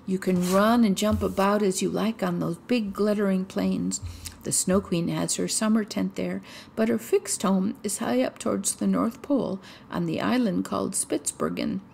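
A woman's voice: mid-range voice, normal speed, gravelly, darkish tone, a little hiss or hum. A woman reading a storybook voices a proud reindeer longing for the snowfields.

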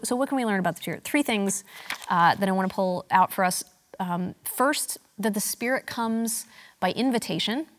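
Woman preacher, thirties, mid-range voice, casual and humorous sermon delivery. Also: mid-range voice. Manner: conversational, self-deprecating humor, frequent restarts. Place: church sanctuary.

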